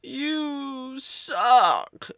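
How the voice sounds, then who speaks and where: A man's voice: very high-pitched, expressive, very slow, sharp tone, clean tone, dry recording, pitched above the performer's own voice, full character voice. A man putting on the voice of a mocking male online hater, sneering and whiny.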